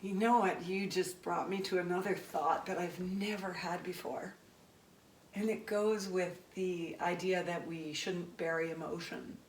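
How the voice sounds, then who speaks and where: A woman hosting an interview, speaking gently and reflectively. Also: on the low side. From Canada. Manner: gentle, reflective, soft-spoken. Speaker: host. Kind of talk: interview conversation. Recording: echoey room from far off, faint noise.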